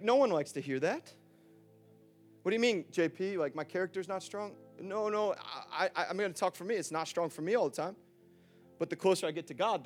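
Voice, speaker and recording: Brief: high-pitched male pastor, casual and lively, faint music behind. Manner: animated, chatty, acts out scenes, asks the room questions. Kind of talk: sermon. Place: church.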